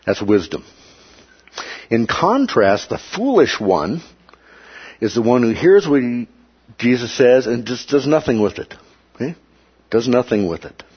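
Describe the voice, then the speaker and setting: A man with a husky, slightly rough voice teaches a Bible study in a plain, measured manner and pauses often to check that his listeners follow. The recording sounds dull and lo-fi. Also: medium pitch, very animated.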